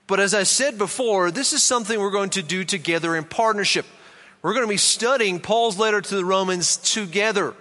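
A man preaching a sermon as pastor to his congregation, earnest and deliberate, driving points home with emphatic repeats. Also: high voice, pushed and bright, big-room sound.

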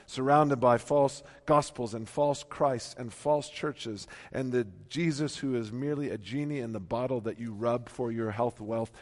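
Impassioned preaching man in a reverberant hall. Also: mid-range voice. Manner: impassioned preaching, swinging from hushed to loud emphatic peaks. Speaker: pastor. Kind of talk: sermon. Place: church.

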